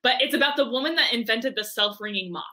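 Bright, animated young woman telling a story. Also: fairly high pitch, quick pace. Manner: animated, many "like" fillers, acts out voices. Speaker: interview guest. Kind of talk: storytelling interview talk.

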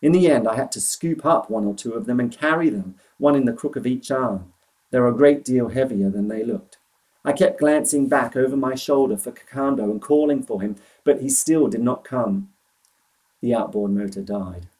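A man reading a children's novel aloud in an expressive, animated storytelling manner. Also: medium pitch, moderate pace, poor audio.

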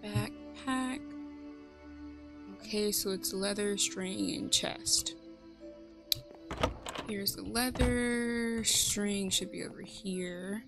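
A woman's voice: mid-range voice, fairly even intonation, very slow, vocal fry, pauses often, music in the background. A woman giving casual gameplay commentary, chatty and thinking aloud, joking at herself. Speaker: let's play host.

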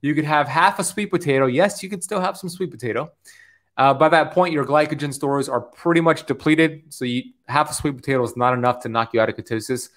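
A man's voice: on the high side, brisk, a bit bright. A man in his thirties coaching on the keto diet, talking to camera in an upbeat, preachy way, often checking in with "okay?". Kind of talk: motivational talk to camera.

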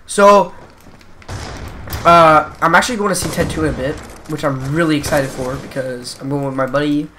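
A man rambling through casual gameplay commentary with a bright, forceful tone and a voice pitched a touch high. He drifts off topic, snaps at the game and swears when things go wrong. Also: moderate pace, a little hiss or hum. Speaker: gaming channel host.

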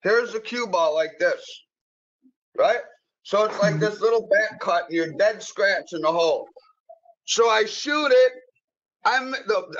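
A high-pitched man spins an animated, profane story in a casual chat. He restarts and repeats his words as he goes. The recording sounds somewhat dull and lo-fi. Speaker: guest pool player.

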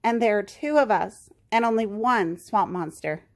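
A woman's voice: medium pitch, normal speed, lightly acted. A woman voicing a timid male goose in a superhero cape, speaking nervously. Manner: nervous, anxious.

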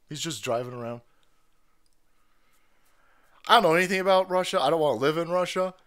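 A man hosting a show, ranting about politics in a loud, profane, animated way, breaking into laughter between points. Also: on the high side. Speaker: podcast host.

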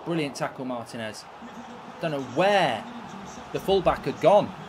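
A man's voice: on the high side, expressive, a little slow, background noise. A man streaming gameplay, ranting and swearing in exasperation as he commentates. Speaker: streamer and host.

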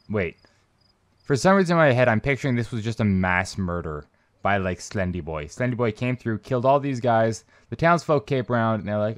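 A gaming channel host records a let's play of a horror game, rambling and cracking jokes while doing mock voices for the characters. He has a mid-range voice, and the recording has no room sound.

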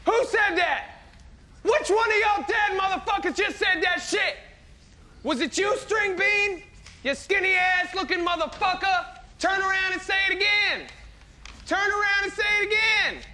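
An actor playing a crude, loud heckling male president who taunts and repeats insults in a comedy sketch. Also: very high-pitched, measured pace, heavily acted. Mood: taunting. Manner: loud, foul-mouthed, repetitive taunting.

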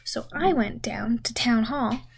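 A young woman telling an absurd comedic story in a deadpan, rambling, half-whispered way, with lots of swearing. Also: on the high side, unhurried, gravelly, breathy edge. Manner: deadpan rambling, many swear words and 'freaking'. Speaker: content creator.

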